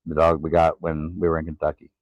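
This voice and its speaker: A man in his forties telling his own story in a halting, tired way, pausing to catch his breath. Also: extremely low pitch, monotone, no echo. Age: 40s. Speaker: vlogger. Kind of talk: casual personal vlog. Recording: tinny phone-like sound.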